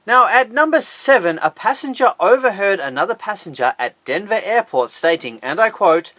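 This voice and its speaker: A man's voice: high-pitched, expressive, moderate pace, hardly any pauses, bright, forceful tone, no room sound. A man hosting a scripted top ten countdown, talking in a sarcastic, incredulous way. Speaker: host of a top ten list channel. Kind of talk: scripted list commentary.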